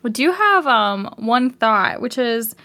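A woman's voice: fairly high pitch, sing-song, slow, sharp tone. Giggly Canadian woman podcaster. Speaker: podcast co-host. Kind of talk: casual chat.

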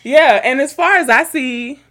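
A young woman and therapist chatting casually as podcast co-host, animated, laughing often and swearing casually. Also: sits high, unhurried, slight background noise.

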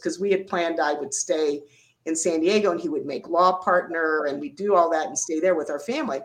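Older woman guest, lower voice, tells stories with lots of acted-out quotes. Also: a little fast, rough recording. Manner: animated storyteller, acts out quotes. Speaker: guest, retired Navy doctor. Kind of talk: storytelling interview.

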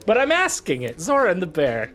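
A man's voice: high voice, wildly swooping pitch, moderate pace, fairly bright tone. A man acting as game master for a tabletop game, who teases the players. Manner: teasing, playful.

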